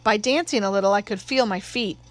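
A woman narrating an audiobook in a measured, steady storytelling voice. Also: medium pitch.

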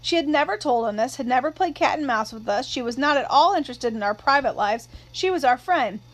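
A woman reads a novel aloud in a steady, even storytelling manner. Her voice sits high for a woman. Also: a little fast, poor audio. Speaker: narrator. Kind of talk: audiobook narration.

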